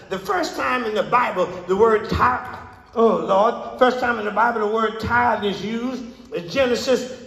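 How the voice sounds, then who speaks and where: A middle-aged man preaching to his church, his voice sitting very high for a man. He swings between quiet asides and sudden loud peaks. The sound rings around a large church hall with a long reverb tail. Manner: emphatic, call-and-response preaching cadence with sudden loud peaks. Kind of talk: sermon. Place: church sanctuary.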